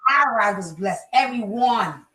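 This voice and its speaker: A woman's voice: mid-range voice, lively intonation, a little slow, pushed and bright. An older woman from Baltimore, speaking in a house with others around, proclaiming and drawing out her words. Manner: emphatic, proclaiming, drags out words. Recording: noisy room full of people.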